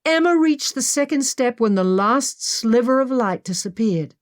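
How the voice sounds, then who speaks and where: A woman reading an adventure audiobook as narrator, with expressive storytelling. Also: a little high, normal speed, dry recording, clean studio sound.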